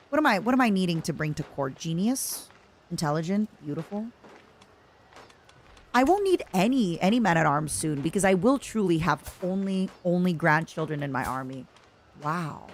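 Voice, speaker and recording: Chatty low-pitched woman streamer. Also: a little hiss or hum. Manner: chatty and playful, pleading with the game. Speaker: VTuber streamer. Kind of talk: casual live gameplay commentary.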